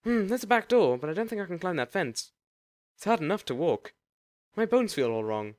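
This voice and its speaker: A man voicing a fussy, proper dead woman who has come back as a zombie, speaking in a high, hesitant voice. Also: big pitch swings, brisk, a little mellow. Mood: weary.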